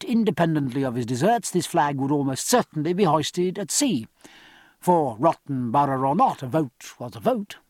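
Male audiobook narrator, lively intonation, slightly high voice, dry close recording. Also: no room sound. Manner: expressive, measured literary reading.

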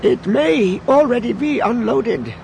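A man voicing a calm, unflappable old male mayor in an audiobook reading, with a high, mild, wistful voice. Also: a little slow, creaky, background noise, full character voice. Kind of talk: audiobook character voice.

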